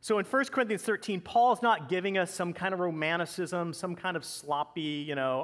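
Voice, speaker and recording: A pastor delivering a conversational sermon with casual asides. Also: male voice, high-pitched, moderate pace, few pauses, fairly bright tone, long reverb tail.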